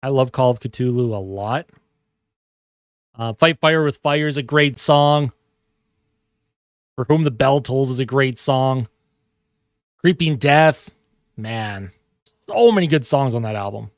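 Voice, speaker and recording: A young man giving casual live hockey play-by-play from his home, excitable and chatty. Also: medium pitch, slow, long pauses, dry recording, studio quality. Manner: excitable calls that break off to coo at his cat. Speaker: fan streamer doing live play-by-play. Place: home room at his monitor.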